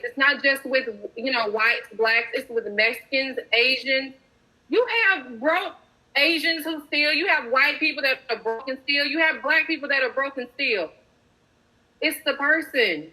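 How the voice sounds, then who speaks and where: A woman's voice: sits high, normal speed, bright, forceful tone, rough recording. A mother speaking with impassioned emphasis in a casual group discussion.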